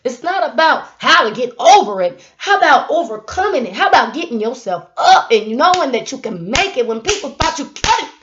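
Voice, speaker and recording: A young woman, giving a casual motivational talk to her camera, animated and laughing, with sudden loud bursts. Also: sits high, a little fast, hardly any pauses, a little hiss or hum. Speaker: YouTube vlogger. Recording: dull lo-fi sound.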